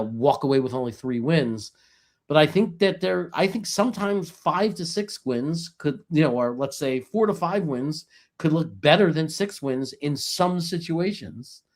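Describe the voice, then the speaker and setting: A man's voice: medium pitch, a little mellow. A man hosting a casual sports podcast, talking in long rambling run-on thoughts full of "you know"s. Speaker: podcast host.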